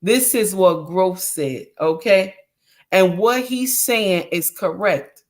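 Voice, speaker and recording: On her livestream, a middle-aged woman dispenses preachy relationship advice, repeating herself for emphasis and often calling listeners "honey" and "mama." Her voice is medium-pitched and slow.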